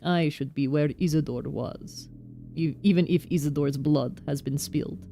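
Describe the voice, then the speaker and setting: A towering, proud male foreman speaks, voiced by a woman in a put-on Russian-style accent. The voice is dropped low and darkly mellow. Each line is grave and clipped, as if he guards his ground. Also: moderate pace, creaky, slight background noise. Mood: stern.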